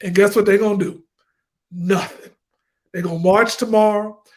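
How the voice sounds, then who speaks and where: A man's voice: high voice, steady tone, quick pace. A man co-hosting a casual movie review, speaking passionately and repeating words as he builds his point. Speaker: co-host.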